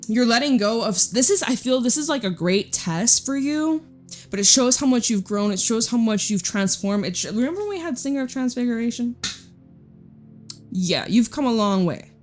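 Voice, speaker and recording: A woman's voice: a little high, lively intonation, moderate pace, a little mellow, faint music behind. Chatty swearing woman reading tarot. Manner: chatty, blunt, swears freely, laughs often. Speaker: tarot reader.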